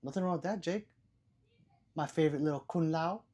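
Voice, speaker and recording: An older man hosting a livestream, reading chat aloud in a profane, rambling way, stammering and repeating words and swinging between loud bursts and low mutters. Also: fairly quick. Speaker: livestream host.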